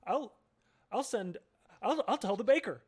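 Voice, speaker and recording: A man voicing a frightened but defiant young village woman who blusters and threatens in a raised, shrill voice. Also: animated, measured pace, husky, heavily acted. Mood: indignant.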